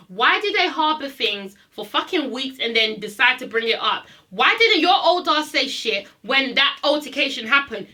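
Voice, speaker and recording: A woman with a high-pitched, pushed, bright voice reviews reality TV in a casual ranting recap of an episode. She is blunt and sassy, swears freely, and repeats herself for emphasis.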